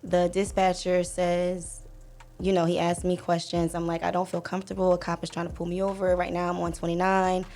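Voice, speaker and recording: A young woman telling a personal story on a podcast in a casual way, acting out the people in it with lively quoted lines. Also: fairly low pitch, brisk. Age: young adult. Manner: animated retelling, acts out voices, fillers. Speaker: podcast guest.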